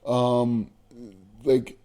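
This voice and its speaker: A man ranting bluntly in an opinion vlog, profane and emphatic, slowing down to hammer his points. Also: medium pitch, monotone, dark tone, clean tone. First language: not American. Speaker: vlogger.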